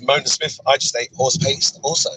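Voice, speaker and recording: A man's voice: medium pitch, level tone, moderate pace, pushed and bright, slightly rough, no echo, rough recording. Easygoing male host reading live comments. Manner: easygoing, reads comments aloud with a chuckle. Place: inside a moving car on a road trip.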